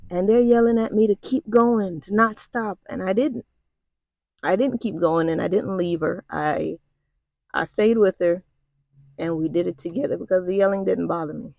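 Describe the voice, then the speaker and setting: Middle-aged woman, casual storyteller: raspy low edge, colloquial and confiding, dry close recording. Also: normal speed, a little mellow, no room sound. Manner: conversational and colloquial, with frequent asides to the listener. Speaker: storyteller recounting military basic training.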